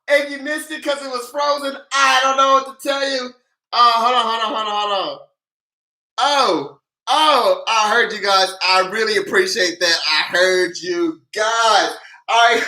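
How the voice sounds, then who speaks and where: An energetic livestream host who recaps tax and stimulus news, greets viewers by name and leads playful chants and countdowns in casual slang. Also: mid-range voice, measured pace, roomy sound, low-quality recording.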